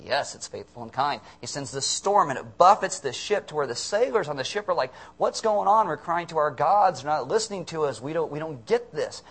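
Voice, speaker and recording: A man's voice: on the high side, lively intonation, fairly quick, hardly any pauses, husky. A man preaching a casual, joking sermon, often acting out quotes in the voices of the people in the story. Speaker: pastor.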